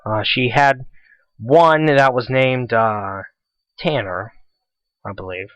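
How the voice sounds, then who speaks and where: A man's voice: medium pitch, slow, a bit bright, no echo, low-quality recording. Teen guy rambling on his little radio show, dry close sound, keeps repeating stuff. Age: teens. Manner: rambling, repeats himself, chatty. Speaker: host of a school radio show. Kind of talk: casual solo radio talk.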